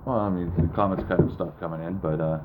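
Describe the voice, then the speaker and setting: A man's voice: sits low, steady tone, fast talker, over loud music. A man hosting a casual live call-in stream, laid-back and rambling, with lots of fillers. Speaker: live show host. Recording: phone-like lo-fi with noise.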